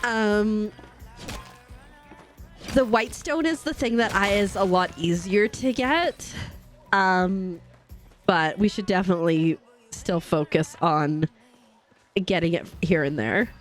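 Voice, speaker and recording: A woman's voice: medium pitch, slow pace, pauses often, faint music behind. A woman streamer chatting casually and giggling with her chat while she plays a game. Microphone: desk microphone.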